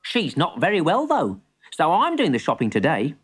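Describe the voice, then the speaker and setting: A woman's voice: low-pitched, huge pitch swings, normal speed, breathy edge, pitched above the performer's own voice, heavily acted. A woman voicing a polite, earnest little boy who does his granny's shopping in a storybook. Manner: eager and polite. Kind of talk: storybook character voice.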